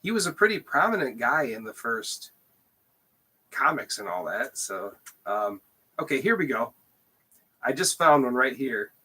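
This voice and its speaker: A man's voice: medium pitch, big pitch swings, measured pace, long pauses, bright, forceful tone, husky. A man co-hosting a podcast, chatting casually and laughing often. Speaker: podcast co-host. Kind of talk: casual chat.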